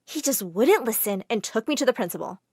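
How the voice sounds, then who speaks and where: A woman narrating a first-person storytime in an expressive, dramatic way. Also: on the high side, brisk, breathy edge, dry recording, clean studio sound.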